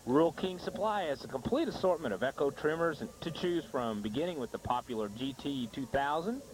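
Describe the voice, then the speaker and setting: A man calling a local high school baseball game on a small broadcast, reading sponsor ads between plays and laughing easily. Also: expressive, fairly quick, background noise. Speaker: play-by-play announcer.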